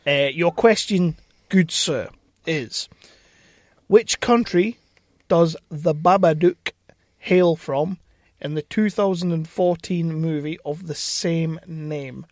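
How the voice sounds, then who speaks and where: Bloke co-hosting a podcast, teasing, swears a lot, dry close sound. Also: male voice, a little high, slow, no echo. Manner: teasing, swearing, reads quiz questions aloud. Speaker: podcast co-host. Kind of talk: casual chat. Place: small home studio shed.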